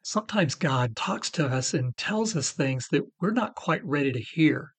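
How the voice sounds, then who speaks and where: A man's voice: fairly high pitch, lively intonation, moderate pace, husky. Earnest middle-aged man sharing testimony. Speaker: recovery podcast co-host. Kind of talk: faith-based recovery talk.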